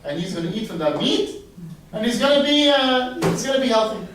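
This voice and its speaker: A man doing a bossy, shrill tribal sorcerer. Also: expressive, a little fast, noisy background. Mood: instructive. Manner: loud, high and commanding. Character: forest tribe sorcerer, bossy and stern. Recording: very echoey, distant mic.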